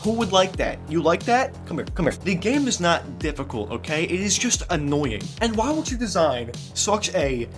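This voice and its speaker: A young man delivering game review commentary in an animated, ranting way, swearing often and laughing between points. His voice sits at a moderately high pitch. Soft music plays behind him. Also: normal speed, few pauses. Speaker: gaming video creator. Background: soft background music.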